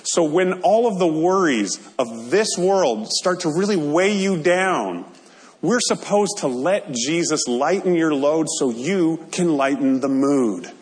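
A man's voice: fairly high pitch, lively intonation, slow. A male pastor preaching a sermon in an earnest, conversational way, often checking in with his listeners. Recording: long hall reverb.

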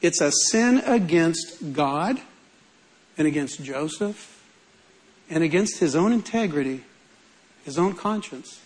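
A man's voice: on the high side, expressive, slow, pauses often, rough recording. A male pastor preaching a sermon in a humorous, conversational way.

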